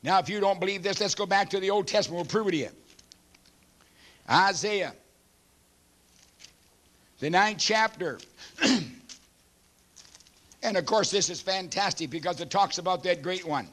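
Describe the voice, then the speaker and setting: A man in his seventies, a pastor preaching a sermon emphatically and clearing his throat often. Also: high voice, moderate pace, long pauses, fairly bright tone. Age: 70s.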